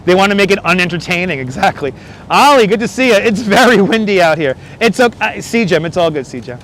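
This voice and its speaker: A man's voice: high-pitched, lively intonation, a little fast, a bit bright. A man hosting a live walking stream outdoors, chatting and joking while reading viewer comments aloud, on a wireless lapel mic. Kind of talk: casual live-stream chat. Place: outdoors walking a windy city bridge. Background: city traffic and passing subway trains.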